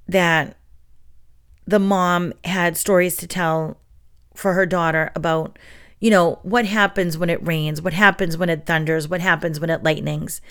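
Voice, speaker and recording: A middle-aged woman, a teacher hosting a story show, reading a bedtime story and then chatting in a gushing, animated way. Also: on the low side, clear, resonant tone. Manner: gushing, animated storyteller who acts out quotes. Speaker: preschool teacher and story podcast host.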